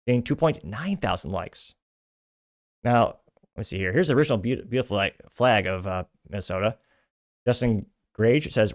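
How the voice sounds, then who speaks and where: A man's voice: on the low side, animated, moderate pace, dry recording. Sardonic man from Texas reading posts. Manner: sardonic, dry asides. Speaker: political commentary host. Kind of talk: reading and commenting on social media posts.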